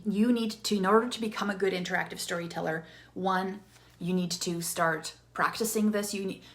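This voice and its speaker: A woman coaching viewers on interactive storytelling in a casual, animated teaching talk, often tagging sentences with a rhetorical "right?". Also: medium pitch.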